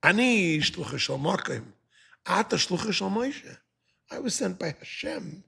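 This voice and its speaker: A man voicing a scornful, boastful male angel of death who mocks loudly, in a high voice. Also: big pitch swings, normal speed, creaky, slightly rough, full character voice. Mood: mocking. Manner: mocking, high and loud.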